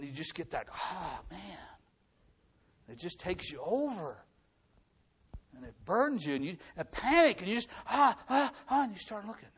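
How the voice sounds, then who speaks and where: Middle-aged pastor guy preaching, kinda high voice, super animated up and down, repeats lines loud then goes quiet. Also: husky. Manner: repetitive preaching with swings between loud and hushed. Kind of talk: sermon.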